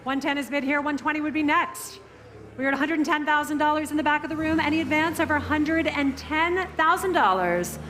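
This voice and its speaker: A woman working as an auctioneer, calling bids briskly and teasing the bidders in a live auction room. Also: high voice, a bit bright.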